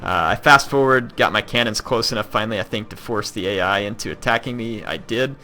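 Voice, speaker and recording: A man's voice: on the low side, brisk, bright, forceful tone. A man from Kentucky with a Southern US accent, rambling through casual let's-play commentary with plenty of ums and likes. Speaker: gaming YouTuber.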